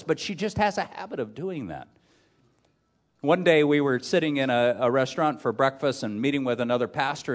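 Middle-aged male pastor, mid-range voice, humorous storyteller in the pulpit. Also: mid-range voice. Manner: storytelling with self-deprecating humor, swings between loud and hushed. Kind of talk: sermon.

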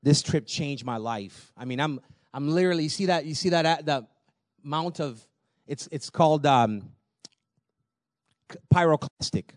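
A man preaching a sermon, telling personal stories in a lively way, laughing often and repeating words as he goes. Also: fairly high pitch, normal speed, pauses often, no echo, studio quality. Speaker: pastor.

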